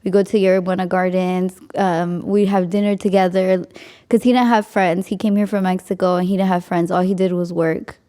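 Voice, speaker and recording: Young woman, podcast host, casual storytelling, mellow tone, laughs often. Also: lowish voice, level tone, normal speed. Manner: chatty, frequent "like", laughs often.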